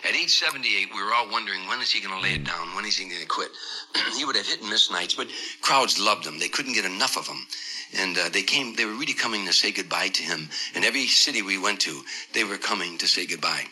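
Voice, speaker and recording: A man telling a long anecdote in an interview clip, animated and voicing the people in his story. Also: sits low, fast, slightly rough, poor audio. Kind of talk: recounted anecdote.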